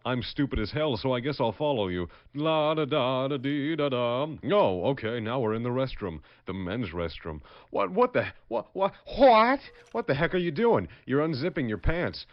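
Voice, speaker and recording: A man playing a naive twelve-year-old girl in a mock-innocent, flat voice. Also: mid-range voice, no echo, natural voice. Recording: muffled lo-fi recording.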